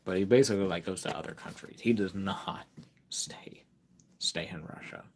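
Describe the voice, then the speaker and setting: Low-voiced man rambling on a livestream. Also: moderate pace, whispered. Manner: rambling, filler-heavy, reads product card aloud; chats directly with viewers in chat. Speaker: live stream host. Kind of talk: casual live stream chat.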